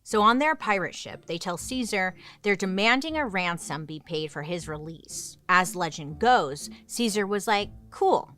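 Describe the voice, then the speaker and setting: A woman's voice: fairly low pitch, expressive, moderate pace, few pauses, pushed and bright. A young woman hosting comedic history storytelling, chatty and sarcastic, with dramatic swings. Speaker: host.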